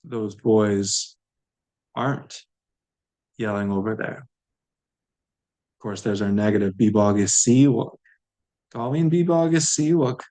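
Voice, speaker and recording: A man with a fairly low voice runs a language lesson at an unhurried pace. He says each word aloud, repeats it patiently, then explains it in plain terms. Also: mellow. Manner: slow, patient, repeats words aloud for learners. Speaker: language teacher.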